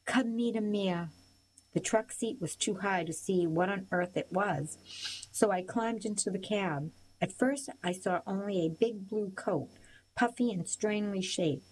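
A woman giving a measured first-person audiobook narration of a story. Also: mid-range voice, a little mellow, a little hiss or hum, rough recording.

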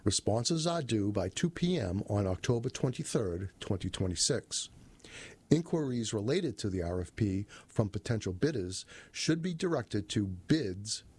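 A man with a lowish, husky voice reads a news release aloud in a plain, steady manner. He raises his voice for quoted passages and stops to correct his own slips as he goes. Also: a little slow. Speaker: reader of a city press release.

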